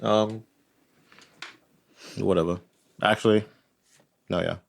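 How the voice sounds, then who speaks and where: A man's voice: lowish voice, steady tone, slow, gravelly. A man running a tabletop game as game master, rambling casually and tagging his points with "right?". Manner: rambling, tags lines with "right?".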